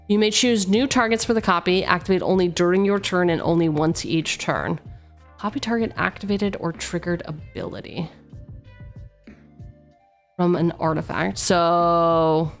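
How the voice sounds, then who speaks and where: A young adult woman chatting playfully on a livestream, reading card text aloud and joking with her viewers. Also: fairly low pitch. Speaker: streamer. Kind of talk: casual card-opening livestream chat.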